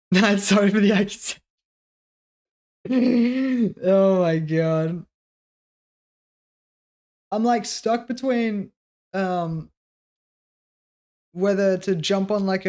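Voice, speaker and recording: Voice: mid-range voice, slow, pauses often, dark tone. Streamer, casual chat to viewers, loose jokey swearing, mid-range voice, lots of chuckles. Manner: loose and joking, laughs often and swears; talks to self while working, trailing off mid-sentence. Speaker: livestreamer.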